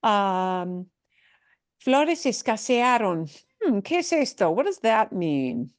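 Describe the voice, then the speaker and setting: A woman's voice: mid-range voice, big pitch swings, slow, dry recording. A woman leads a Spanish lesson and explains pronunciation patiently, moving back and forth between Spanish and English. Her voice is close and dry, with no room sound. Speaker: Spanish teacher. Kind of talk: online language class.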